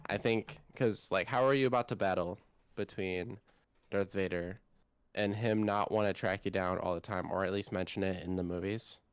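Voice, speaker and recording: A man's voice: low-pitched, steady tone, moderate pace, clear, resonant tone. A man of about twenty, co-hosting a casual podcast chat and telling a long, rambling story with lots of energy. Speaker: co-host.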